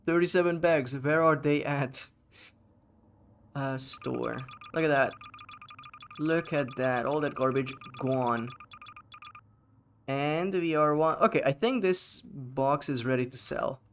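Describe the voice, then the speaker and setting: A man's voice: medium pitch, takes it slowly, pauses often, a bit bright, slight background noise. A man streaming a game live, chatting casually and sarcastically with his chat and swearing freely. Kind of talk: casual live gameplay commentary.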